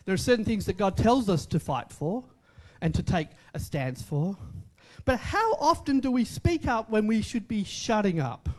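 A male pastor preaches conversationally, repeating short phrases for emphasis and putting questions to the congregation. His voice sits high with big pitch swings, at a moderate pace.

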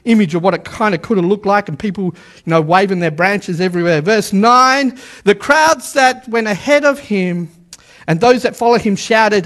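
Preacher, male, very high voice, fired-up sermon delivery that pulls the congregation in. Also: moderate pace. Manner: animated, calls on congregation to repeat lines; stammers restarts, repeats words for emphasis. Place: church service with a live congregation.

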